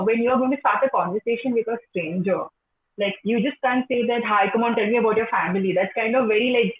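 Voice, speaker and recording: A woman's voice: on the high side, a little hiss or hum. A young woman with an Indian English accent, a teacher answering interview questions in a chatty way, full of "you know". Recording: echoey phone-like call line.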